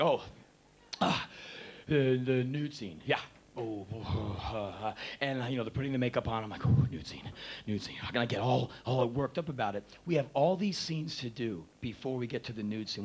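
A man performing spoken word storytelling on a live stage, animated and profane, acting out the quotes of the people in his story. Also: mid-range voice, slightly rough. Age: 30s. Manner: animated, profane, acts out quotes in shifting voices.

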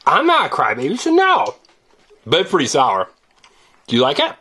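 A woman with a low voice that swoops up and down a great deal. She chats with a child in an animated, teasing, sing-song way while opening toys. Faint noise sits behind her. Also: normal speed. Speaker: parent hosting a toy-unboxing video.

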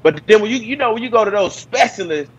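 A man's voice: high voice, lively intonation, fast talker, slightly rough, muffled recording. A man joining a talk show as a guest, chatting in a joking, rambling way as he tells a story. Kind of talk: casual chat.

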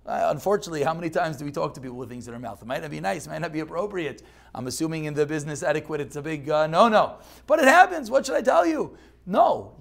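Animated man teaching a lively class. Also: fairly high pitch, gravelly. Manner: animated, swings from loud bursts to quiet asides; chants verse quotes slowly. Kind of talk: informal Torah class.

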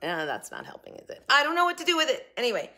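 Chatty, bright-voiced woman vlogging at home. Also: high voice, big pitch swings, very fast. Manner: chatty, rambling, self-interrupting. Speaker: channel host. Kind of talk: casual haul vlog chat. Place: home kitchen. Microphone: phone camera.

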